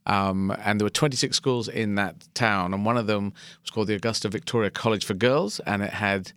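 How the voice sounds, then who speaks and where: Man, fifties, english accent, low voice, dry sound. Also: steady tone, brisk, fairly bright tone, smooth, no echo. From England. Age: 50s. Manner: rambling, restarts often, self-deprecating. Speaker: guest. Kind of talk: casual chat.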